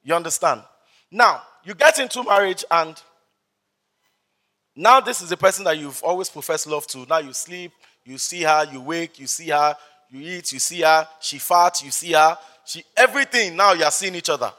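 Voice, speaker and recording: Bright-voiced Nigerian pastor preaching. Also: male voice, a little high, moderate pace. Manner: animated storytelling, acts out voices. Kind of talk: sermon. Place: church service.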